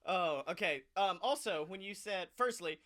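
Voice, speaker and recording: A high-voiced man with a bright, forward tone chats about wrestling on a podcast. He tells stories in an animated way, swears freely and laughs often as he talks. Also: normal speed. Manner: animated, profane, laughing storyteller. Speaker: podcast co-host. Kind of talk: casual wrestling chat.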